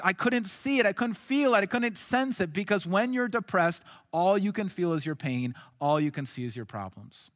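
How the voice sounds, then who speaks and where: A man preaching with a high voice delivers his sermon earnestly, shifting from quiet, hushed lines up to forceful emphasis. He speaks briskly with hardly any pauses, and a big hall's long reverb surrounds every word.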